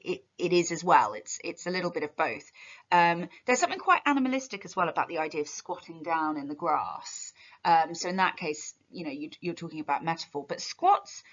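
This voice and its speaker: A woman's voice: on the low side, a bit bright, lo-fi sound. A woman teacher walking through a poem line by line, chatty and explanatory, with fillers and restarts. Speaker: English literature teacher. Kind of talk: poetry analysis lesson.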